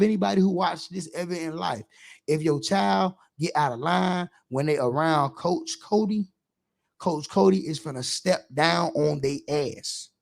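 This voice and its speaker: A youth football coach with a high, creaky voice delivers an impassioned radio monologue. He is preachy and emphatic, acting out the way he scolds kids.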